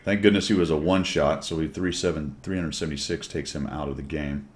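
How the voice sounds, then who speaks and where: Deep-voiced man doing chatty game commentary. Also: steady tone, a little fast, slight background noise. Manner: chatty, wry, jokey asides to viewers. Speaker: gameplay commentator.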